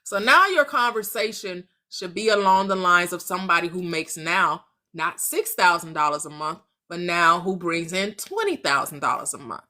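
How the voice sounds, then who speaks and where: A woman's voice: on the low side, animated, moderate pace, few pauses, sharp tone. A woman hosting a casual motivational talk, chatting and acting out imagined conversations. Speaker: manifestation channel host.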